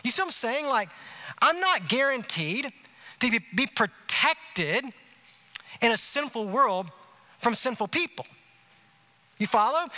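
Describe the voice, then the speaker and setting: Animated pastor preaching. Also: male voice, extremely high pitch. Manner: conversational, repetitive rhetorical asides; animated, emphatic delivery. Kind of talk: sermon. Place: church sanctuary.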